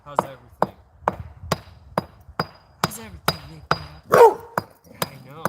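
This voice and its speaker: A man's voice: a little high, expressive, a little slow, recorded from a distance, very noisy. A man hosting a casual livestream outdoors on a hot day, rambling and chatting to his dog. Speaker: livestream host.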